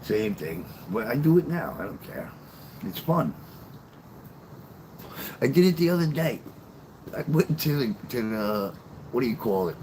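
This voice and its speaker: A man's voice: medium pitch, big pitch swings, unhurried, long pauses, dark tone, a little hiss or hum, poor audio. An older man telling stories and chatting casually with viewers on a livestream, blunt and profane. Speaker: livestream host.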